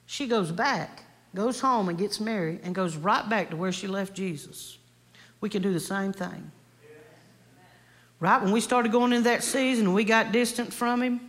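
A woman's voice: mid-range voice, normal speed. Woman guest preacher, fervent sermon delivery, repetitive cadence, mid-range voice.

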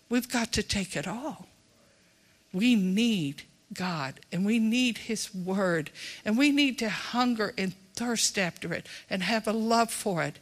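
Bright-voiced preacher with a drawl. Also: medium pitch, animated, slow. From Texas. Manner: folksy, emphatic, swings between loud and hushed. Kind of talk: sermon.

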